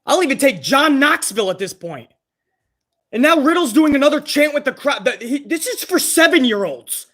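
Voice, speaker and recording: A man's voice: very high-pitched, lively intonation, moderate pace, a bit bright. A man hosting a live reaction stream, commenting on wrestling with exasperated, profane rants.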